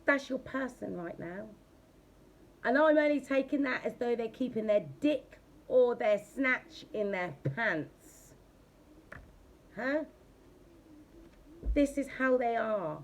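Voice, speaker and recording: A woman's voice: fairly high pitch, lively intonation, takes it slowly, long pauses, slight background noise. A woman giving a casual tarot reading. She talks bluntly and chattily, and she swears freely. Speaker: tarot reader.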